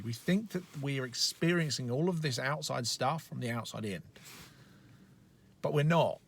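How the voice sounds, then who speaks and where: A male life coach giving a casual, blunt motivational training talk with plenty of profanity, speaking from inside a car. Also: mid-range voice.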